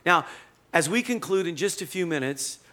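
A male pastor preaching a sermon in a conversational, animated storytelling manner. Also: fairly high pitch, moderate pace.

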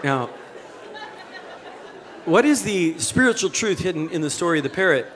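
A man preaching a sermon in a conversational, animated way, mixing jokes with rhetorical questions. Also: high-pitched, normal speed, a faint crowd, a little hiss or hum. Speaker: pastor.

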